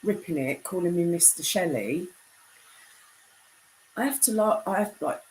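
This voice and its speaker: A young British woman chatting casually on a live stream, reading out viewer comments; her voice is deep enough to be mistaken for a man's. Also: animated, a little slow, darkish tone, a little hiss or hum, poor audio. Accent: British English. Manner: chatty, reads comments aloud.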